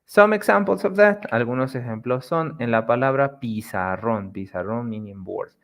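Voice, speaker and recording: Male language teacher, mid pitch, patient, casual, repeats example words slowly. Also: lively intonation. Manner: frequent restarts and "eh" fillers. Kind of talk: casual video lesson.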